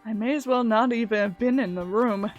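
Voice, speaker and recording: A woman's voice: on the high side, brisk, highs cut off, faint music behind, voice pushed down, natural voice. A woman reading a nervous schoolboy narrator. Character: nervous, earnest teenage boy narrator. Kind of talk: reading game narration aloud.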